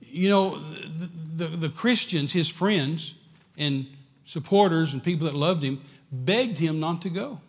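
A man preaching a sermon, emphatic and repetitive, swinging between loud and quiet. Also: fairly high pitch, measured pace, breathy edge, big-room sound.

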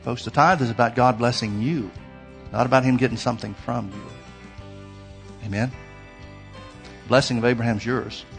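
A man's voice: medium pitch, normal speed, gravelly, long pauses, faint music behind. A man preaching a sermon, telling a personal story in an earnest, emphatic way. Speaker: pastor.

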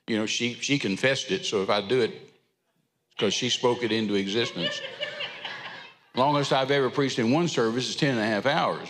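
A man's voice: mid-range voice, a bit bright, big-room sound. A man, preaching an informal, rambling sermon in a church and repeating phrases for emphasis. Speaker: traveling preacher. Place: church sanctuary.

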